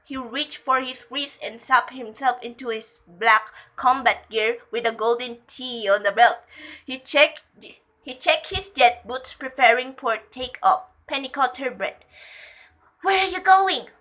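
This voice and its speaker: A woman's voice: fairly high pitch, a little slow, bright, forceful tone, rough recording. A young woman reading a fan fiction story aloud, breaking off for gushing, giggly asides.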